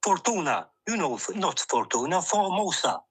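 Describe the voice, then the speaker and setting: A man's voice: sits high, big pitch swings, moderate pace, fairly bright tone, slightly rough, exaggerated voice. A man doing a grumbling old Maltese uncle. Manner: grumbling, swearing, broken English. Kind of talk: phone-in character impression. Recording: phone call over speaker.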